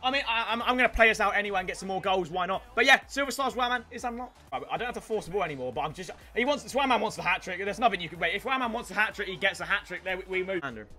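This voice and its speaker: A young man giving excited gameplay commentary, breaking into sudden shouts and repeating catchphrases. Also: high-pitched, rapid-fire, few pauses. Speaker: gaming YouTuber.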